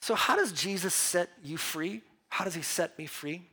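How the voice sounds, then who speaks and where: A man preaching a sermon as pastor, emphatic and lively, mixing Bible reading with personal stories told with restarts. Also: high voice, normal speed, hardly any pauses, slightly rough. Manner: repeats words and restarts when telling stories.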